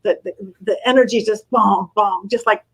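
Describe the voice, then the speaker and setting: A woman's voice: medium pitch, normal speed, slightly rough, low-quality recording. A middle-aged woman, a guest psychic medium, telling stories in a casual interview and acting out the voices of the people in them. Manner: animated storyteller, acts out quoted voices.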